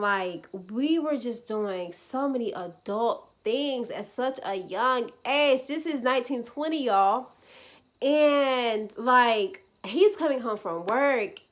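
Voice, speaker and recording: This twenties-aged vlogger has a somewhat high, slightly bright voice as she casually tells viewers about her faith journey. Her delivery is chatty, full of "like," and she calls her audience "y'all."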